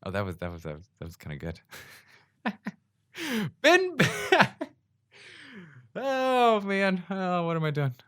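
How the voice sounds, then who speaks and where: A man's voice: high-pitched, wildly swooping pitch, slow pace, pauses often, fairly bright tone, smooth, dry recording, studio quality. A man hosting his own podcast in a rambling, self-deprecating comic monologue, laughing between phrases, recorded on a USB mic. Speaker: podcast host. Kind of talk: solo comedic monologue. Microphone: secondhand USB mic.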